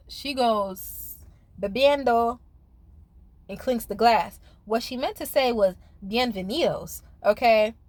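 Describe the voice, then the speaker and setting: A woman's voice: medium pitch, a little mellow, no room sound. Chatty, profane woman recapping reality TV. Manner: chatty, profane, laughs often, talks to viewers as y'all. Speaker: reality TV commentator. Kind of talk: casual recap commentary.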